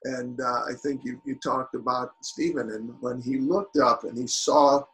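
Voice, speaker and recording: Man, preacher, sermon, slow delivery, halting restarts, loud climaxes. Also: mid-range voice, steady tone, low-quality recording. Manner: builds to shouted peaks, then drops quiet.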